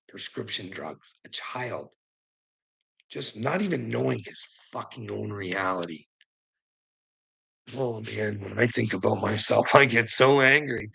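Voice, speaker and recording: Man, vlogger, agitated rambling rant, gravelly and husky with a bright edge, laughs often, swears freely. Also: mid-range voice, a little slow. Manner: heavy swearing, frequent nervous laughs, agitated. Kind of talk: rambling monologue to camera.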